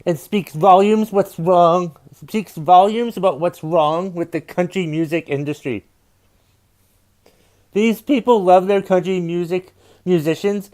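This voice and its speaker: A man's voice: sits high, a little mellow. Profane ranting comedian man. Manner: profane, exasperated ranting with repeated refrains. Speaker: stand-up comedian and podcast host. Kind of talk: comedic rant.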